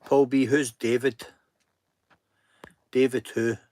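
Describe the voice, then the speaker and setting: The speaker is a Scottish man hosting an easygoing live stream, earnest, chatty, and self-deprecating. His mid-range voice comes across flat and slow, with a slightly mellow quality.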